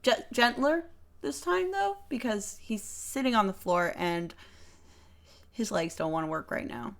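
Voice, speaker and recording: A woman running a tabletop game as game master, narrating in a halting way with many restarts over an online voice chat. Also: fairly high pitch, animated, creaky.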